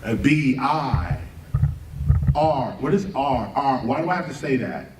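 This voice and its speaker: A man's voice: medium pitch, animated, measured pace, background noise. A man giving a spoken lecture, emphatic, firing off rhetorical questions and spelling words out letter by letter. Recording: roomy, distant mic, faint background ambience.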